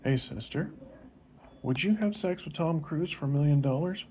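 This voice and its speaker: Curious little schoolgirl Susie, as a man puts her on, asking earnest questions in a high, piping voice. Her tone is wide-eyed and eager, with a lively lift, and a faint hiss sits behind it. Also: moderate pace, lightly acted.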